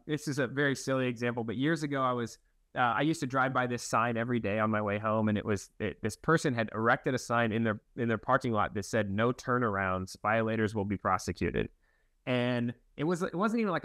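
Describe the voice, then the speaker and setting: A young man, a guest in an interview, telling stories in a relaxed, rambling and self-deprecating way, laughing now and then. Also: medium pitch, dry recording. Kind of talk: casual interview storytelling.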